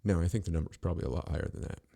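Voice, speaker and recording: A man's voice: sits low, rapid-fire, gravelly, dark tone, husky. A middle-aged man hosting a podcast, ranting in a rambling, profane, sarcastic monologue full of restarts. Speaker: podcast host.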